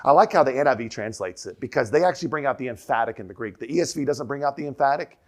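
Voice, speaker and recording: A man preaching a sermon as pastor, emphatic, repeating key lines and dropping his voice low for the quoted question. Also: lively intonation, very fast. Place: church sanctuary.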